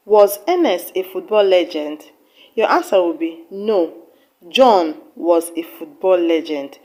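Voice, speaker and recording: Deliberate woman tutor with a Nigerian accent. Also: on the low side, darkish tone, rough recording. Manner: slow, deliberate, repeats key points. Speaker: English exam tutor. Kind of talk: exam-prep English lesson.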